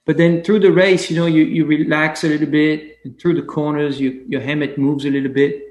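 A man, a racing driver guest on a casual interview podcast, talking enthusiastically with halting restarts. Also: fairly high pitch, level tone, a little mellow. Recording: echoey room.

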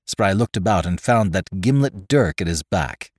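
A man narrates an old adventure tale in a measured, expressive manner. His voice is on the low side and moves through a lively pitch range. The recording is close and dry. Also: slightly rough, no echo. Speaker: audiobook reader. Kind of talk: scripted narration.

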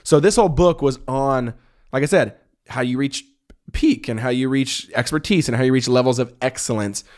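A man's voice: medium pitch, normal speed, darkish tone. A man co-hosting a podcast in casual chat, rambling and enthusiastic with lots of fillers and restarts. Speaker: podcast co-host.

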